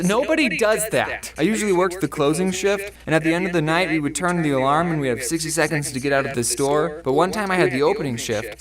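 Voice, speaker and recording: A man from Arizona telling a comic storytime to his viewers in an expressive, exaggerated way. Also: on the high side, distant mic. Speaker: storytelling video host. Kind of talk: animated comedic storytime narration.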